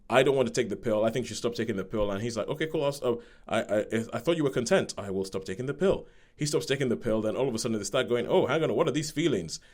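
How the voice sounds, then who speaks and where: A man's voice: mid-range voice, a little mellow. A man casually reviewing a film on a podcast, rambling and repeating words as he acts out bits of dialogue.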